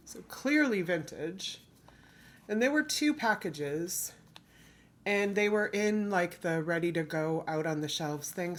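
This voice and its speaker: Woman from the US, low-ish voice, rambling haul vlogger, faint room hum behind. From United States. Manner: chatty, rambling, self-correcting. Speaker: thrift reseller vlogger. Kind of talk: casual haul chat.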